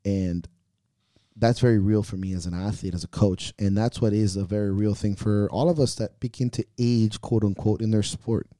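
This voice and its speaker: On a podcast, a man speaks openly about what scares him as a coach, cursing freely and doubting himself aloud with an earnest tone. His very dark, low voice keeps a fairly even intonation, broken by sighs and sentences that fade into pauses. The recording is close and dry, with no room sound or echo.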